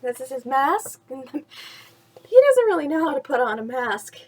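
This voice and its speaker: A bedtime reading of a children's picture book comes from a woman whose voice sits high, her pace measured and a slight hiss or hum audible. Her manner is lively; she laughs a lot and adds chatty remarks about the pictures.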